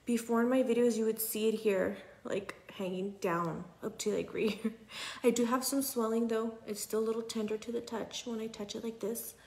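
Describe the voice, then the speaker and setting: A young woman talking casually to her phone at home, chatty and often dropping to a soft near whisper. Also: on the high side, fairly even intonation, normal speed. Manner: chatty, repeats "you guys", drops to a near whisper at times. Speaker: patient sharing her recovery. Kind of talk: casual selfie vlog. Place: at home indoors.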